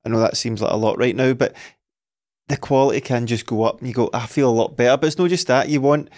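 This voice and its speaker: A Scottish man co-hosting a football podcast, speaking in a measured, reflective way. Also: medium pitch, a little mellow. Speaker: podcast co-host. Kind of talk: casual football podcast chat.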